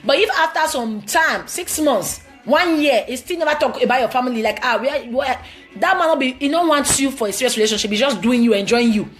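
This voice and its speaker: A woman's voice: sits high, expressive, a little fast, soft background music. A woman with a Nigerian accent answering viewer questions on a live stream, giving blunt, emphatic, preachy relationship advice.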